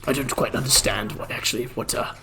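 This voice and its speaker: A man's voice: lowish voice, steady tone, fairly quick, background noise, natural voice. A man voicing a polite, flustered old wizard while streaming a game, stammering and speaking in formal old-fashioned phrases.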